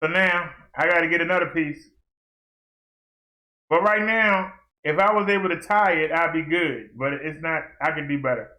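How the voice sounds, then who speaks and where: A man's voice: on the high side, normal speed, bright, forceful tone. A man vlogging casually, chatting straight to his viewers and laughing often as he works. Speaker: fitness vlogger. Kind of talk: casual talk to viewers while working. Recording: echoey room.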